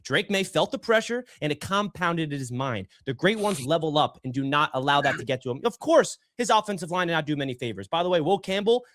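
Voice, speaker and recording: A man's voice: a little high, fairly quick, few pauses. A man on a sports panel arguing his football takes, mocking and pushy. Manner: argumentative, mocking, animated. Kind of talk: heated sports debate.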